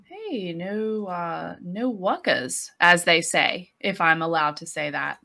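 A woman's voice: lowish voice, lively intonation, takes it slowly, gravelly, bright, forceful tone. A woman co-hosting a casual podcast, cheeky and playful with the others. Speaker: co-host.

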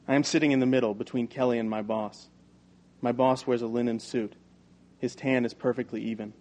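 A man reading a first-person novel aloud in an even, measured storytelling manner. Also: mid-range voice. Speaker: audiobook narrator.

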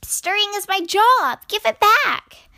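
A woman doing a squeaky little squirrel. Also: expressive, slow pace, vocal fry, pushed and bright, dry recording, clean studio sound, full character voice. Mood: indignant. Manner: squeaky, high and shrill. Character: small eager squeaky male squirrel.

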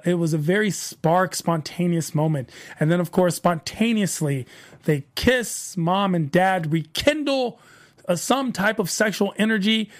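A man hosting a solo aftershow, retelling scenes in a chatty, animated way and voicing the characters' lines. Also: high-pitched. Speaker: podcast host recapping a TV show.

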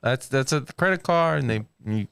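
A man co-hosting a livestream, wisecracking in a deadpan way during casual chat. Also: mid-range voice, normal speed, creaky, clear, resonant tone, dry recording.

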